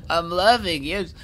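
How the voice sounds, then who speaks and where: A man's voice: sits high, fairly bright tone, a little hiss or hum, heavily acted. An actor playing the wizard Merlin in a full cast audio drama, laughing helplessly and gasping through his words. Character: wizard Merlin, a man gripped by manic laughter at grim secrets.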